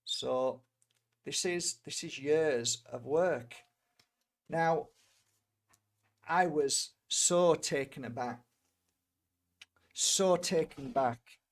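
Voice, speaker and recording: Gravelly British man telling a story. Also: fairly high pitch, drawn-out words, pauses often. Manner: rambling, with many fillers and restarts. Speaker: energy healer and tarot reader. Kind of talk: personal storytelling.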